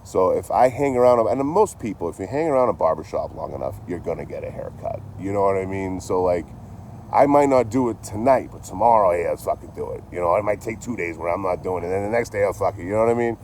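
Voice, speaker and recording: A man with a deep, low voice talks casually to his live chat, wandering through an anecdote with constant swearing and easygoing asides. His delivery is loose and unhurried, with a faint hum of noise behind him. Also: a little mellow. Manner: rambling, heavy swearing, laid-back. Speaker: livestreamer telling stories.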